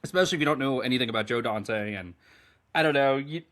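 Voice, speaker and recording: A man co-hosting a podcast in casual chat, animated and rambling, swearing freely. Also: mid-range voice, quick pace. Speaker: podcast co-host.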